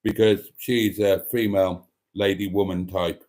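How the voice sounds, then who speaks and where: Reading chat on a relaxed livestream, this host speaks in a low, steady, somewhat mellow voice at a slightly slow pace. His commentary on viewer messages is wry and camp, punctuated by plenty of laughter.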